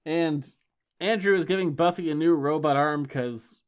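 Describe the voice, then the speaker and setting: A man's voice: a little high, clear, resonant tone. A man co-hosting a podcast, recapping a comic in casual, sarcastic, exasperated chat. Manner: sarcastic, exasperated, does quick character voices. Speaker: podcast co-host.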